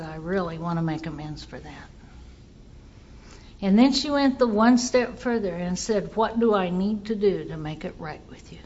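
A woman's voice: fairly low pitch, a little mellow, lo-fi sound, a little hiss or hum. A woman giving a personal recovery testimony, telling her story earnestly and voicing the people in it. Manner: earnest storytelling, quotes others in dialogue.

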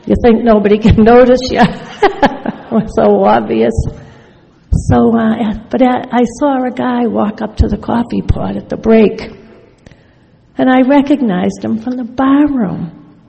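A woman's voice: a little high, fairly even intonation, unhurried, gravelly, dark tone, big-room sound, low-quality recording. A woman sharing her recovery story in a wry, storytelling way, acting out remembered conversations. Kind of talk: personal testimony talk.

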